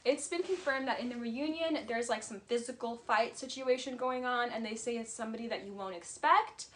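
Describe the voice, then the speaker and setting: A woman vlogger talks through a reality show recap in casual commentary. Her voice sits a little high and bright, and her delivery is blunt and heated, with free swearing. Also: a little fast.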